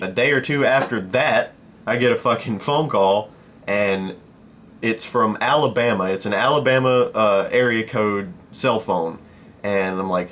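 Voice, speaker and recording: A man telling a casual story-time vlog in a profane, animated way. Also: on the low side. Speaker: vlogger.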